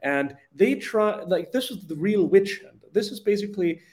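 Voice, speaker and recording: A man's voice: high voice, normal speed. A man from Austria co-hosting a political chat show, telling stories animatedly with lots of fillers and acted-out quotes. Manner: animated storytelling, acts out quotes, many fillers. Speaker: podcast co-host.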